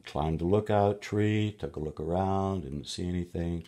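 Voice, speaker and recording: Reading a picture book aloud to a child, a deep-voiced man with a dark tone goes slowly and playfully. Between pages he adds gasps and tooting noises.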